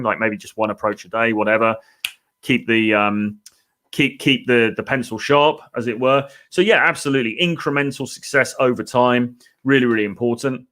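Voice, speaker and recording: A man's voice: medium pitch, pushed and bright. A British man hosting a live Q&A as a dating coach, reading out viewer comments and thinking aloud in a loose, chatty way. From Britain.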